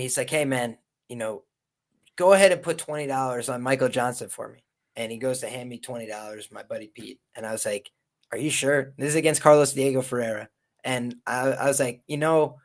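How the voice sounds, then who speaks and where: A man appearing as a podcast guest, telling a quick anecdote in a lively, casual way. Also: fairly high pitch. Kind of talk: casual storytelling chat.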